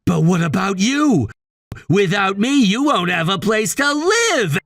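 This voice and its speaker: A man voicing a controlling, scornful husband in a text-message story, dismissive and given to shouting. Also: high-pitched, big pitch swings, measured pace, dry recording, exaggerated voice. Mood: angry, scornful. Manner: bossy and dismissive, shouting at times.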